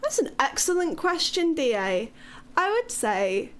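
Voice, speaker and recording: A woman's voice: high-pitched, very animated, a little slow, fairly bright tone, a little hiss or hum. A woman from Wales with a British accent, chatting casually on a live stream, bubbly and swearing freely while reading chat aloud.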